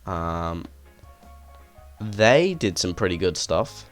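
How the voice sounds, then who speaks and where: A man's voice: sits low, sing-song, slow pace, faint music behind. A man giving a rambling, enthusiastic walkthrough of a game, full of "um"s and "like"s, recorded on a desk microphone. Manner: rambling, enthusiastic, many fillers. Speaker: gaming video creator. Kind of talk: casual game walkthrough commentary. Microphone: desk microphone with headset.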